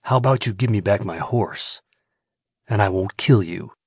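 A man voicing a calm, dangerous gunfighter who speaks quietly in short, controlled lines. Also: fairly low pitch, moderate pace, husky, dry recording, studio quality. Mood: cool menacing. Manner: quiet, clipped, controlled menace.

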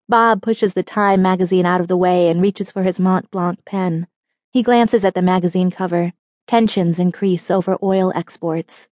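A woman narrating a short story audiobook in an even, descriptive storytelling manner. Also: fairly low pitch, normal speed, no echo, clean studio sound. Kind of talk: scripted narration.

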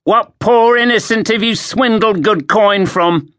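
A man's voice: high-pitched, a little slow, a bit bright, dry recording, clean studio sound, voice pushed up. A man voicing a young male watchman carrying a torch, smug and threatening.

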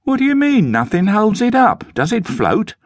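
A man voicing a scornful teenage gang leader in a storybook, firing sharp questions. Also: high-pitched, wildly swooping pitch, moderate pace, no echo, studio quality, voice pushed up.

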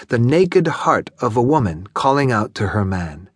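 A man narrating a literary novel as an audiobook, in a measured, expressive storytelling manner. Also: on the low side, slightly rough, no echo, studio quality. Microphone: studio microphone, close.

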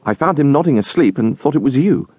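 Man playing a timid little orphan boy, raised boyish pitch, lively, dry close sound. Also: fast, breathy edge, no echo, lo-fi sound. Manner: timid, eager.

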